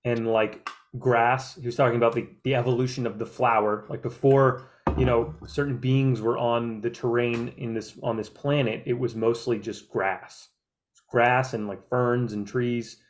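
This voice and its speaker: A man's voice: mid-range voice, fairly even intonation, moderate pace. A man in casual group chat, talking in an earnest, meandering way with many filler words. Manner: earnest, reflective. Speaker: group discussion member.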